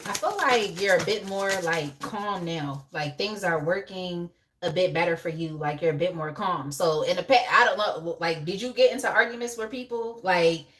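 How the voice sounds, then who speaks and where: A woman's voice: on the low side, normal speed, fairly bright tone. Chatty woman doing a live tarot reading. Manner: chatty, laughs often, talks to chat viewers by name. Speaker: tarot reader on a live stream.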